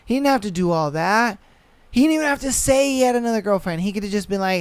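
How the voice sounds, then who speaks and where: A man's voice: high voice, lively intonation, fast talker, clean tone, no echo. A young man hosting a podcast, ranting in a casual, exasperated and profane way. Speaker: podcast host. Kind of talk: casual reaction rant.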